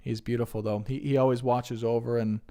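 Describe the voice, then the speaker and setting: A young man on a live stream answering viewers' questions as a spiritual reader, earnest and rambling, getting animated when he retells stories. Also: mid-range voice, brisk, vocal fry. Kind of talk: casual live stream chat.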